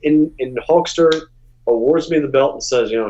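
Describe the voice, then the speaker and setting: Over crowd noise and muffled audio, a man who is a musician guest recounts stories in a casual interview at a normal pace. He's lively, often restarts sentences, and goes high-pitched when quoting what others said.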